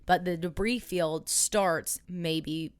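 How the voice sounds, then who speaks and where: A woman's voice: fairly low pitch, takes it slowly, no echo. A woman co-hosting a podcast, chatting casually and telling a story full of swearing and acted-out quotes. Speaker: podcast co-host. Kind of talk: casual chat.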